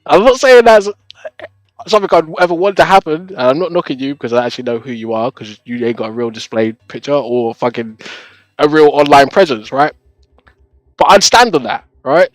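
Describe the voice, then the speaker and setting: On a dry recording, a young adult man with a fairly high voice talks fairly quickly to his live-stream viewers. He laughs a lot, swears, and keeps ending his points with "right?"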